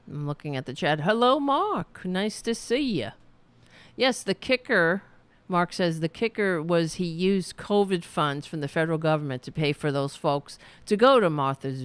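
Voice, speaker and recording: A woman with a fairly low, clear and resonant voice runs a live-streamed political talk show. She rants with blunt anger and heavy profanity, now and then turning to the chat with quieter remarks.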